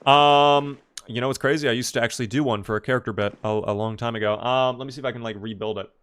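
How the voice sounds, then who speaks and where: Talking fast with fairly even intonation, this East Coast streamer from Maryland has a medium-pitched, slightly bright voice and a clean tone. He plays a game live, chatting casually and answering questions from chat.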